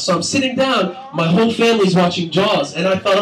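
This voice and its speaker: A man's voice: sits high, lively intonation, a little fast, a bit bright. A young man doing a crude, rambling stand-up comedy set on a club stage, laughing at his own jokes. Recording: echoey room from far, crowd noise.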